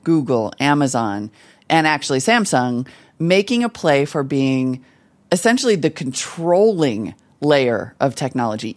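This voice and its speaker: A woman tech correspondent reporting remotely from a trade show, explaining industry trends in a lively, analytical way. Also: sits low, no room sound. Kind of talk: conversational news interview.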